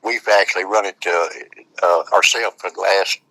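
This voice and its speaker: A man's voice: low-pitched, steady tone, moderate pace, sharp tone, dry recording, rough recording. A man who owns a store, talking about it in a plain, matter-of-fact way in an interview. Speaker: store owner. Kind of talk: casual interview.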